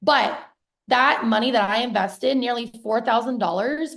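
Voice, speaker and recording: A woman in her thirties, hosting a live stream as a business coach, pitching her program and reading out viewer comments in an excited, chatty way with casual swearing. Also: moderate pace, creaky. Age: 30s.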